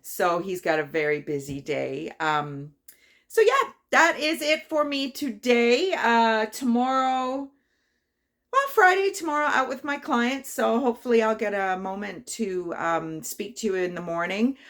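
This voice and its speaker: A woman's voice: a little high, expressive, measured pace, a bit bright. Chatty woman telling a personal story. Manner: personal, emotional storytelling with many fillers. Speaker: vlogger. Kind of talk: casual vlog chat.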